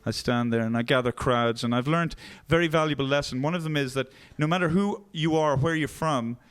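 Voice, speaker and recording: A man telling a stand-up story in a halting, deadpan way on a club stage. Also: on the high side, clear, resonant tone. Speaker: stand-up comedian.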